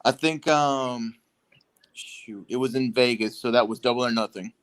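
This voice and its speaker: A man co-hosting a casual podcast, telling a story in an animated way. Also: mid-range voice, normal speed, clean tone. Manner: animated storyteller, puts on voices for quoted people. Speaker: podcast co-host.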